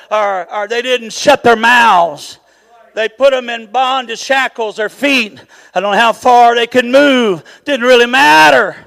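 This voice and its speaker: Breathless high-pitched preacher in his sixties. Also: gravelly, low-quality recording. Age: 60s. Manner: shouted rhythmic preaching with repeated questions and "uh" fillers. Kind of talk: sermon.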